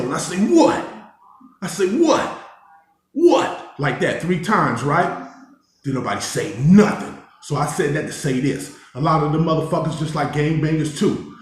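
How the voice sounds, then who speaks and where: A man from Oakland telling prison stories in a streetwise, animated way while he cooks, growing heated as he tells of confrontations. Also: medium pitch. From Oakland, California. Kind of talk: casual storytelling while cooking. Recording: very echoey room, faint noise.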